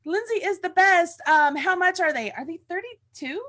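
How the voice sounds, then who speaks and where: A woman's voice: very high-pitched, expressive, moderate pace, a bit bright. A woman hosting a casual livestream chat, gushing and repeating herself. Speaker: host.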